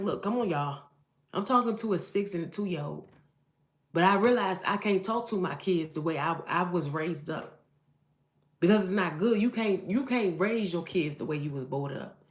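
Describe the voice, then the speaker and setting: A woman, a mother and vlogger, giving emphatic motivational advice to her camera and repeating phrases for emphasis. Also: medium pitch. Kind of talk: preachy motivational talk to camera. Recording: roomy echo.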